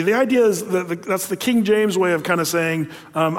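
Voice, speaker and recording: A male pastor giving a sermon, reading scripture and retelling stories in a conversational, animated way. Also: sits high, moderate pace, few pauses, big-room sound.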